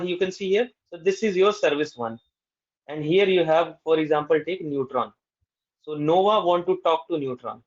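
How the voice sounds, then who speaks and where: Man lecturing on tech, lo-fi. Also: a little high. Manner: explanatory, repeats key points for emphasis. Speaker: cloud computing instructor. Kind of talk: technical lecture. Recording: dull lo-fi recording.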